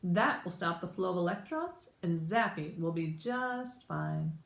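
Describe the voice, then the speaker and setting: A woman's voice: on the low side, expressive, a little slow, vocal fry. A woman voicing a self-assured, formal boy detective in a storybook read-aloud. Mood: confident. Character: confident, proper boy detective. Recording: roomy echo.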